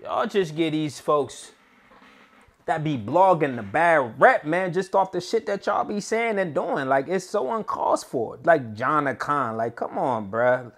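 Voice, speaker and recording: Male commentary host, slightly high voice, slangy, goes from muttering to yelling when heated. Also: expressive, a little slow. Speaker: battle rap commentary host. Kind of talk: reaction commentary.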